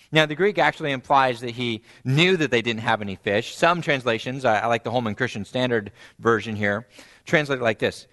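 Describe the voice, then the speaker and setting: A male pastor delivers a sermon at a middle pitch. He tells the story with animation, jumping high in pitch when he acts out quoted voices and dropping low and quiet when he repeats key phrases. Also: moderate pace.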